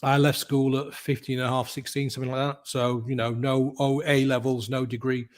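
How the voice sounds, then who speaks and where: A middle-aged man, a guest telling his story in a lively way and acting out the voices of the people in it. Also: mid-range voice, brisk. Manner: lively, acts out quoted voices. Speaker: guest, mindset coach. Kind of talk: animated storytelling.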